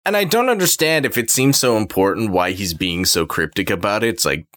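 Lively, sarcastic low-voiced young man. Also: fairly quick, hardly any pauses, dry recording, studio quality. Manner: animated, sarcastic, mock voices. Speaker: podcast co-host. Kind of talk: casual chat.

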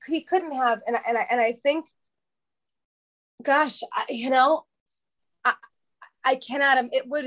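Halting, heartfelt woman from New York. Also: fairly high pitch, fairly bright tone. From New York, USA. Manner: halting, many restarts and repeated words. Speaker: interview guest. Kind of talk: candid emotional interview talk.

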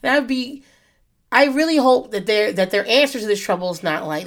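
A woman's voice: a little high, fairly quick. A woman in her thirties hosting a solo podcast, talking casually into her mic, swearing freely and drifting off on tangents. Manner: rambling, profane, goes off on tangents. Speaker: podcast host. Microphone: podcast microphone.

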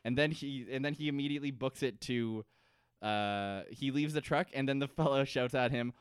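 A man's voice: mid-range voice, moderate pace, clear, resonant tone, no echo, studio quality. A man co-hosting a podcast, casually recapping a TV episode and acting out the characters in goofy voices. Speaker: podcast co-host.

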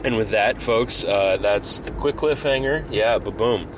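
Brief: male podcast host, casual and rambling, lowish voice, audible background noise. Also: a little slow. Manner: rambling, lots of fillers and restarts, playful. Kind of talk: casual comedic storytelling. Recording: noisy home recording.

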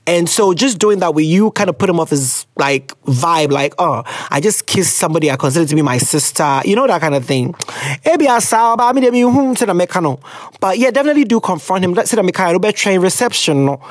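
A Ghanaian woman hosts an advice show in loose, profane, sarcastic chat. Her pitch swings widely as she reacts. The sound is dry and close, with no room around it. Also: expressive, quick pace, no room sound. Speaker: advice podcast host reading listener letters. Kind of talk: casual chat.

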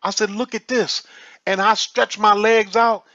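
A man's voice: high voice, level tone, unhurried, bright, forceful tone, no echo, muffled recording. A man telling a personal testimony in an earnest, emotional way, often repeating himself. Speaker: speaker giving a testimony.

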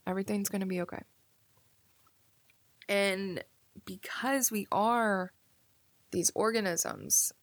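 A young woman hosting a solo podcast, musing casually with many "like"s and soft asides. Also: fairly low pitch, dry recording. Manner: casual, musing, filler-heavy with frequent "like". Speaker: podcast host. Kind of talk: reflective solo podcast monologue.

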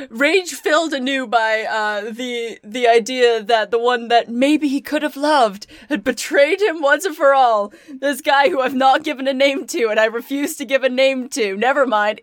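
A woman in a slightly higher register narrates a comedic tabletop adventure as host and game master. She tells the story with lively drive and keeps breaking into giggles. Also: unhurried, few pauses, dry recording, clean studio sound.

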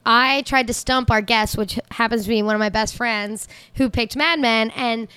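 A woman's voice: on the high side, steady tone, moderate pace, pushed and bright, clean tone, no echo. A woman hosting a podcast, telling stories animatedly with frequent swearing. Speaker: podcast host. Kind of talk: casual chat.

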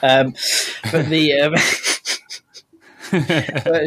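A man's voice: mid-range voice, extremely slow, pauses often. A man in casual podcast chat who rambles, restarts often and laughs as he talks. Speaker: podcast co-host.

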